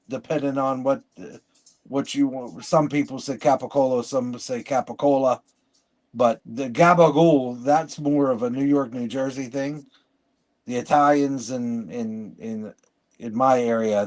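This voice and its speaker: A man co-hosting a podcast, chatting in a loose, rambling way. He tells stories and keeps restarting his sentences mid-thought. His pitch sits right in the middle of the range. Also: darkish tone. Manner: rambling, storytelling, frequent restarts. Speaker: podcast co-host. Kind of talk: casual chat.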